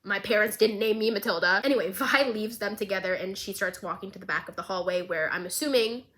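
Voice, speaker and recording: A young woman vlogger recapping a show in a casual, excitable, rambling way, swearing freely. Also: mid-range voice, fast talker, low-quality recording.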